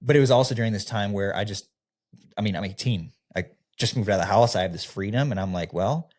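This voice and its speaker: Low-voiced man telling his story casually. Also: fast talker. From Midwestern United States. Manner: casual, relaxed, with frequent fillers, often acting out quoted dialogue. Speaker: podcast guest, former youth pastor. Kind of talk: candid personal storytelling.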